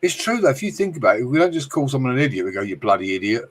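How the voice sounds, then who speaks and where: Casting: middle-aged British male streamer, jokey and sweary, chatting to viewers, mid-pitched voice. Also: sing-song, very fast, slightly rough. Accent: British English. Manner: jokey, swearing, frequent laughs. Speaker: livestream host reading chat. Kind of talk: casual livestream chat.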